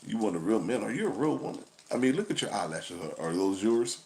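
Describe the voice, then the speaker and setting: A man voicing an impression of a blunt male dating critic who questions calmly. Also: fast, creaky. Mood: probing. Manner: lower, flat, interrogating.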